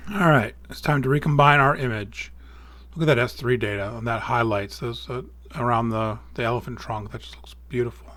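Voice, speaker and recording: A man talks at an ordinary middle pitch, walking through software steps in a relaxed, thinking-aloud way and catching his own small slips. His voice is picked up close and dry at a home desk, with no room sound around it. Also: fairly quick, dry recording. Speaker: astrophotography tutorial host. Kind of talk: casual screen-recorded software walkthrough.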